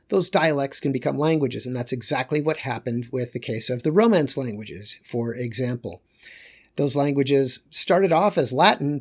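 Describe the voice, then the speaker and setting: A male teacher giving a recorded lecture in a conversational way, with joking asides. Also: mid-range voice.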